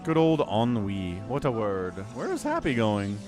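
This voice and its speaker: A man's voice: mid-range voice, wildly swooping pitch, measured pace, over music. A man giving casual, playful live commentary on a strategy game, reading out players' chat lines in mock voices. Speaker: game caster.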